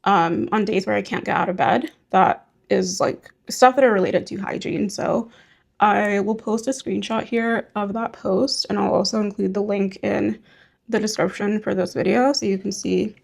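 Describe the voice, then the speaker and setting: A young woman vlogging casually as she goes through her hygiene routine, talking in a gentle, reassuring, rambling way with many fillers. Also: medium pitch, fairly even intonation, normal speed, gravelly. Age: young adult. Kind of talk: casual talk to camera while doing hygiene.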